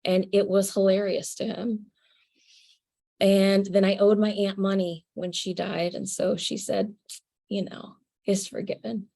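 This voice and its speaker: Slow-spoken woman telling a personal story. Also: mid-range voice, little pitch movement, creaky. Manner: earnest, halting, with fillers and soft laughs.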